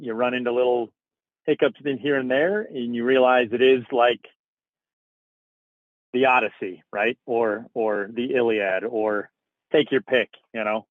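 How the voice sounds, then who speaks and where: A man's voice: mid-range voice, no room sound. A man co-hosting a casual podcast from his car, laid-back with dry, wry humor. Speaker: podcast co-host. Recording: tinny phone-like line, dry.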